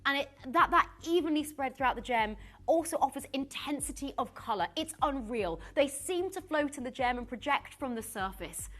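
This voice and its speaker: A woman presenting live on a shopping channel, gushing and excitable, often restarting her sentences. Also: sits high, moderate pace. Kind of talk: live TV sales pitch.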